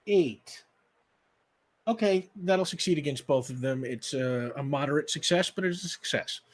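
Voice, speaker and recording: A man's voice: a little high, moderate pace, no room sound. A man running a tabletop game as game master, asking for rolls in a patient, questioning way.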